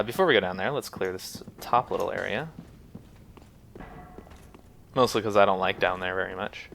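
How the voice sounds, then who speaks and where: A man's voice: on the low side, gravelly, a bit bright, a little hiss or hum. A young man giving casual, joking commentary over video game footage, teasing the enemies and making playful little sound effects. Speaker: game guide host.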